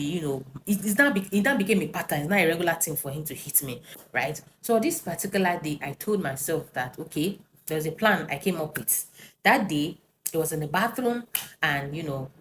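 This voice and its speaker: Woman, lowish voice, animated personal story, lots of "right?" and fillers. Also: moderate pace, a little hiss or hum. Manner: animated, tag questions and fillers.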